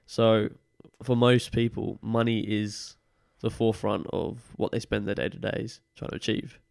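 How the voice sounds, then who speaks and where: Gravelly young man, half British half Australian accent. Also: fairly low pitch, a little slow, no room sound, studio quality. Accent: mix of British and Australian. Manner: relaxed, rambling, many fillers. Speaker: podcast guest. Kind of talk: casual chat.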